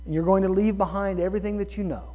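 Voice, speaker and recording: A man preaching a sermon, moving from calm teaching to loud, excited preaching. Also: high voice, very fast. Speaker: pastor. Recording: dull sound with long hall reverb.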